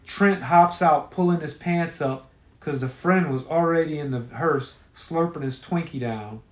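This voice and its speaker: A man's voice: fairly high pitch, measured pace, roomy sound. A man telling a crude story in a profane, offhand way.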